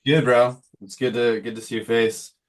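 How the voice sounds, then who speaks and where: A man's voice: medium pitch, fairly even intonation, normal speed. A man joining a casual chat by video call, laid-back and slangy. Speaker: guest.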